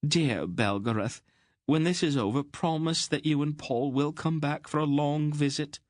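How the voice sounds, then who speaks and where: A man's voice: fairly high pitch, moderate pace, no echo, pitched above the performer's own voice, close to an everyday voice. A plump little queen, fretful and close to tears, speaks in a raised, pleading voice, as a male audiobook reader puts her on. She sounds small and anxious, and the recording is dry and close. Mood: tearful. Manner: pleading, emotional. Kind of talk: audiobook character voice.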